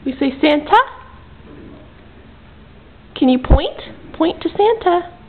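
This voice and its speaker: A woman's voice: high voice, animated, takes it slowly. A mother filming her toddler at home, coaxing her in sing-song baby talk. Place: home, indoors. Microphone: built-in camera mic. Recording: tinny lo-fi home camcorder audio with faint hiss.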